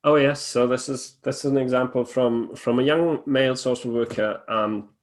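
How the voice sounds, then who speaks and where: A man's voice: medium pitch, fairly even intonation, moderate pace. A man hosting a webinar, talking casually with many fillers and restarts. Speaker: webinar host.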